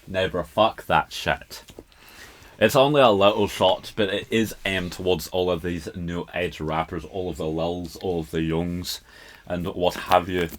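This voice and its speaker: A man's voice: low voice, fairly even intonation, moderate pace. A Scottish man hosting a podcast, casually talking through a rap song and laughing at his own accent. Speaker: podcast host.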